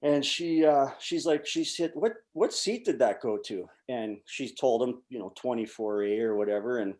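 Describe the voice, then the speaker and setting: A man's voice: mid-range voice, moderate pace, darkish tone. A man in his forties, a former pro hockey player, telling rambling, profane anecdotes as a podcast guest. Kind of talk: casual storytelling.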